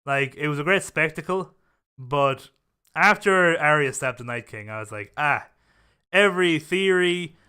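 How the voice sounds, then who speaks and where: A man's voice: fairly high pitch, lively intonation, moderate pace, bright, forceful tone, clear, resonant tone. A young man hosting a casual chat show, talking in a profane, rambling way full of fillers and restarts. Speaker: podcast host.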